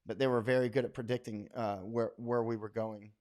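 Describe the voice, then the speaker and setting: A man's voice: mid-range voice, fairly even intonation, fairly quick, darkish tone. A man, a war correspondent, hosting a casual livestream and reading out viewer comments in a rambling, folksy, blunt way with many asides.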